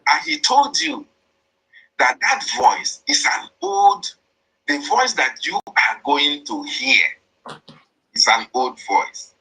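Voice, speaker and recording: A man's voice: fairly high pitch, very animated, slow, gravelly, sharp tone, breathy edge, poor audio. A man with a Nigerian accent giving an impassioned political monologue, repeating and stressing his points as he denounces opponents. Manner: repetitive, emphatic, denouncing opponents. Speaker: speaker on a political online broadcast.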